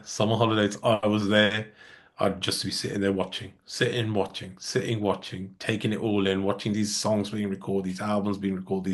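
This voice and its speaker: A man, a musician guest telling stories in a casual interview and acting out the dialogue he quotes. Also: lowish voice. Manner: lively storyteller who acts out quoted dialogue.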